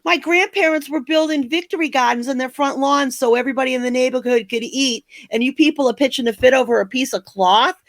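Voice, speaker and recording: Her high voice moves briskly with few pauses, recorded with no room sound. She's an older American woman co-hosting a podcast, and her passionate opinion talk is blunt, angry and emphatic.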